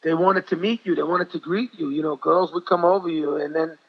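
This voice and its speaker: A man's voice: a little high, brisk, creaky. An older man with a New York accent telling stories in an interview, chatty and repeating himself. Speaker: guest, former ballplayer and coach. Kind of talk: interview storytelling. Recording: dull lo-fi audio.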